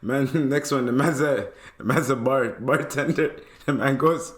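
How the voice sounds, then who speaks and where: A man's voice: mid-range voice, unhurried, few pauses, echoey room. A man with a Toronto accent hosting a podcast, rambling in casual chat and laughing often. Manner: laughs a lot, slangy and rambling. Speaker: podcast host.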